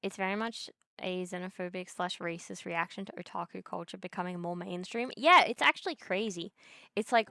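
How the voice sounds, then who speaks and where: A woman's voice: lowish voice, moderate pace, vocal fry, pushed and bright, faint music behind. A young woman streamer in a casual chat, ranting bluntly with lots of swearing and slang while reacting to chat.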